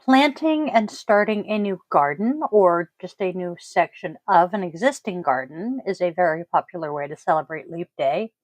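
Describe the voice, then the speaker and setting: A woman hosting her own podcast, talking casually and deliberately, stressing key words with frequent ums. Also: fairly low pitch, animated, dry recording, poor audio. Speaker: podcast host. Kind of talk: casual solo podcast talk.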